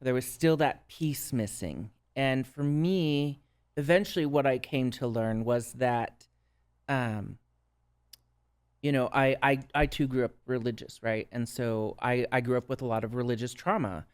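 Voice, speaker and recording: A man's voice: mid-range voice, unhurried, clean tone. A man with a Minnesota accent, a guest on a podcast, earnestly telling his own story in a reflective way and often checking in with "right?". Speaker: guest, substance use counselor. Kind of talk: casual podcast conversation.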